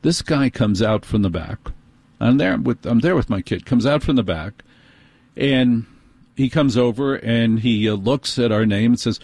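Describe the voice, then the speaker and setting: A middle-aged man telling an exasperated comic story in a fast, animated monologue. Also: mid-range voice, no room sound.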